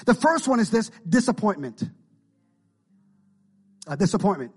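A man's voice: sits high, expressive, normal speed, long pauses, slightly rough. A male pastor preaching an impassioned sermon and calling out to his congregation.

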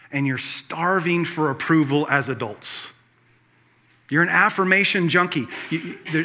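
A man's voice: on the high side, sharp tone. A middle-aged male pastor preaching a sermon, telling a scripture story with playful asides.

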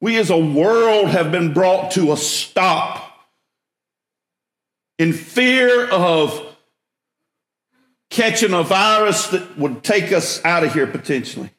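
A man's voice: high voice, animated, slow, pauses often, fairly bright tone, reverberant. A man preaching a sermon as a pastor, emphatic, rising when he stresses a point.

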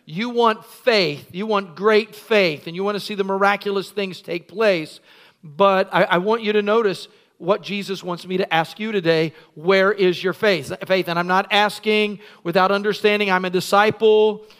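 High-voiced, bright, animated male preacher. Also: normal speed. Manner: animated storytelling preacher, acts out scenes and shouts. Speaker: pastor. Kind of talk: sermon. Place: church.

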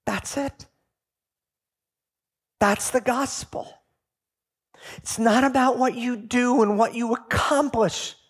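A man's voice: very high voice, fairly even intonation, slow pace, long pauses, slightly rough. A male pastor preaching a sermon in a storytelling manner, building to emphatic peaks.

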